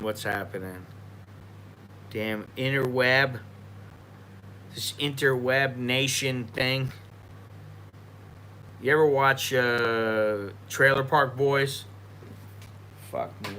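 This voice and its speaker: A man's voice: medium pitch, pushed and bright, a little hiss or hum. An American man chatting loosely on a live stream while drinking tequila, swearing and rambling with many restarts. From United States. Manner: profane, rambling, frequent restarts.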